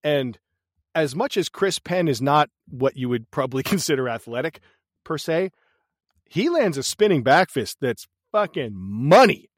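Animated, profane man recapping a movie. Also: a little high, a little slow, dry recording, clean studio sound. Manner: animated, profane, laughs a lot, acts out movie lines. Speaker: podcast co-host. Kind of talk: casual movie recap chat.

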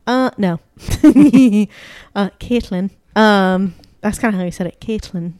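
A woman's voice: medium pitch, slow pace, darkish tone, dry recording, clean studio sound. A young woman telling stories in casual podcast chat, laughing often and using lots of fillers. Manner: chatty storyteller, laughs often, filler-heavy. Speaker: podcast co-host.

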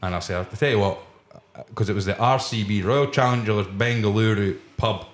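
A man's voice: on the low side, normal speed, roomy sound. A Scottish man, the podcast host, telling a casual anecdote in the back room of a pub and laughing often as he goes.

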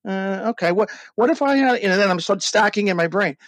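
An excitable man with a high voice, recorded dry and close, tells his story as an interview guest. He trips over his words and restarts often, then pushes on with enthusiasm. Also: fast, no echo. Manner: excited, with many stumbles and restarts. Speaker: guest, drink brand founder. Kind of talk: animated storytelling in a podcast interview.

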